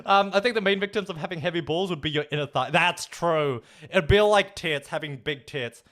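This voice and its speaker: A man's voice: a little high, fairly quick, a bit bright. A man chatting casually on a livestream, swearing freely and dropping in Japanese phrases.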